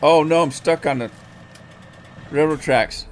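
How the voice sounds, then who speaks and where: A man's voice: fairly high pitch, unhurried, slight background noise. A man streaming a farming game, telling a folksy, rambling story with plenty of fillers and restarts. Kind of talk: casual storytelling while gaming.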